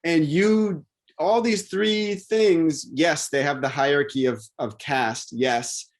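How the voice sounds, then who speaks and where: A man's voice: fairly high pitch, slow. Rambling man in casual talk. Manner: rambling, animated, many restarts and fillers. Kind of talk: casual conversation.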